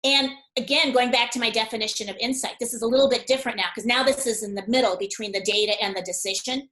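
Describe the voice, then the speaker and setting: A woman guest on a webinar, explaining ideas through an animated story and acting out the dialogue as she goes. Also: a little high, fast, roomy sound, low-quality recording. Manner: animated storyteller who acts out dialogue, with frequent laughs.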